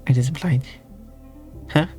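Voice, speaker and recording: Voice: medium pitch, a little slow, mellow, faint music behind. A streamer chatting casually while drawing, rambling, breaking off mid-thought and humming along playfully. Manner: rambling and self-interrupting; playful, hums to themself.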